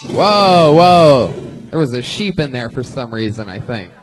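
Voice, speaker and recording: A man hosting a live comedy show, energetic and hyping up the crowd. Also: medium pitch, a little slow, poor audio. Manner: energetic, hype announcer. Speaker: host.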